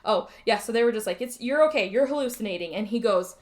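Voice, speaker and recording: A woman co-hosts a podcast, casually recapping a film's plot with plenty of acted-out lines and a bit of swearing. Her voice sits on the high side with lively intonation, and she talks fast against a noisy background.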